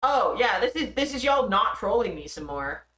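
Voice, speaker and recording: A young woman chats on her live stream in a bright, slightly high voice that rises and falls a lot. She talks slowly, laughs at her own slips and swears freely. The sound carries an echo from the room. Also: sing-song. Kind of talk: casual live-stream chat.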